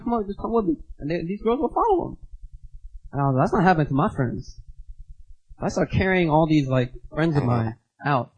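Man, young adult, husky, slightly high-pitched, casual storytelling sermon, acts out voices. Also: low-quality recording. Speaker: guest preacher.

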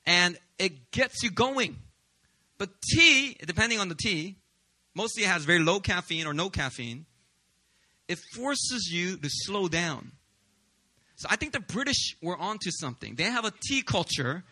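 Bright high-voiced joking pastor man. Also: measured pace. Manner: lively, joking storyteller. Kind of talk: sermon. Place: church service.

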